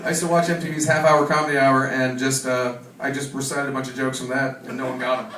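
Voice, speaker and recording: In a flat, fast, fairly bright medium-pitched voice, a stand-up comedian recounts a profane party story and imitates the other partygoers. The comedy club recording is echoey and distant, with a little hiss or hum under the audience laughter.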